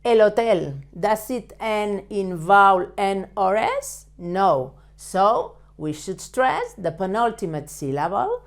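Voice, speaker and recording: A woman whose first language is Spanish, teaching a step-by-step lesson in careful, halting English with frequent fillers and self-corrections. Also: mid-range voice, sing-song.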